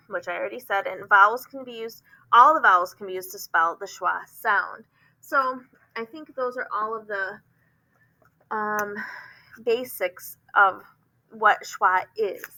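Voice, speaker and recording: A woman teacher explaining phonics, often pausing with "um" and sounding words out slowly. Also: medium pitch, bright, forceful tone, poor audio. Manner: explanatory, frequent "um" fillers, slow demonstrations of words.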